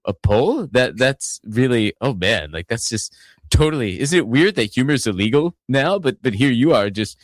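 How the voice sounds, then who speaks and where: A man doing a rough impression of a slow-spoken male senator with a light accent and an unhurried cadence. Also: mid-range voice, lively intonation, no room sound, lightly acted. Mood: mocking.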